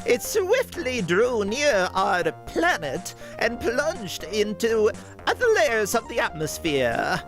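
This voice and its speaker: A man's voice: sits high, full character voice, low-quality recording. A man putting on a mock generic European accent to read a game walkthrough as a dramatic sci-fi story. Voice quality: hammy, theatrical. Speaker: commentator reading a game walkthrough.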